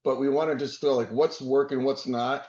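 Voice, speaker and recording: A man's voice: mid-range voice, steady tone, moderate pace, a little mellow. A man hosting a roundtable on a video call, talking informally and joking with guests. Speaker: roundtable host. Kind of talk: casual video call discussion. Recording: roomy, muffled call audio.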